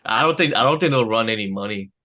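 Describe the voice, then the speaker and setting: A young man co-hosting a casual political podcast, blunt, quick to crack crude jokes and laugh. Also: mid-range voice, expressive, bright, forceful tone. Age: young adult. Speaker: podcast co-host.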